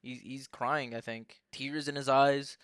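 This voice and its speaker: A man's voice: mid-range voice, steady tone, a little slow, fairly bright tone, smooth, no room sound, clean studio sound. A young man giving casual, profane, joking commentary on a sim race while bantering with his live chat.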